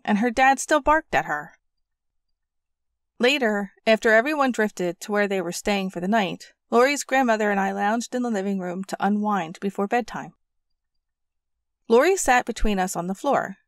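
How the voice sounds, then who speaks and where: A woman reading a parenting audiobook aloud in a gentle storytelling manner, close to the mic. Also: mid-range voice, no room sound. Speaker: audiobook narrator. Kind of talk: scripted audiobook narration.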